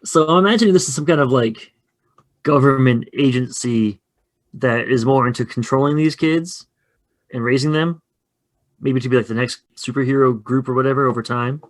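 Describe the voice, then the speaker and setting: A man casually running a two-player tabletop game, chatty and quick to laugh. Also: mid-range voice. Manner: chatty, laughs often, loose. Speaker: game facilitator. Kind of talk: casual actual-play chat.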